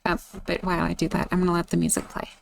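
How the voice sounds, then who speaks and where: A woman's voice: fairly low pitch, completely flat delivery, racing, vocal fry, a little hiss or hum. A young woman who just woke up, chatting with lots of fillers and then reading a game story aloud. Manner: chatty and rambling, many fillers, hesitant. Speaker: story reader.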